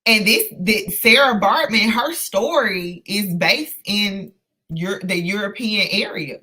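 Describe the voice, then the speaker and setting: Woman host in her thirties, casual live-stream talk, slow, bright tone, heartfelt and halting. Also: medium pitch. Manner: earnest, impassioned, halting with many fillers and restarts. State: emotional, close to tears. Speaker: host of a live book discussion.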